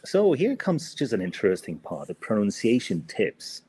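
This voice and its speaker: A man's voice: lowish voice, wildly swooping pitch, moderate pace, darkish tone, husky. A man teaching English grammar in a casual podcast chat, hesitant, full of fillers and "no?" tags. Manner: hesitant, many fillers, ends with "no?".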